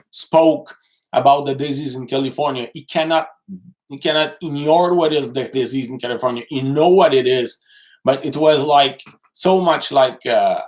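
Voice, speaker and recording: A man with a mid-range voice replies to his livestream chat in English that is not his first language. He talks in a casual, halting way, stopping often to restart and fill gaps with "uh". His delivery is loose and unscripted. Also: mid-range voice. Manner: halting, many restarts and fillers.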